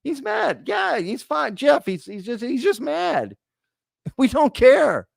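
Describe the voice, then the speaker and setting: A man doing a sarcastic, high, squealing voice of a fussing, mock-fawning bystander. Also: wildly swooping pitch, slow, vocal fry, dry recording, clean studio sound, full character voice.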